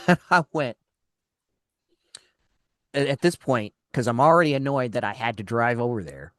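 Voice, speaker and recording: A man's voice: mid-range voice, lively intonation, moderate pace, long pauses, a bit bright, no echo, clean studio sound. A man co-hosting a radio talk show, telling a long exasperated story in casual chat, acting out the dialogue and often restarting his sentences. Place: radio studio.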